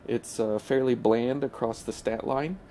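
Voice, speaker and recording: Man, gaming channel host, casual gameplay commentary, hesitant with fillers, warm dark tone, faint hiss behind. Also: mid-range voice, fairly even intonation, measured pace. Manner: hesitant, full of uh fillers and restarts.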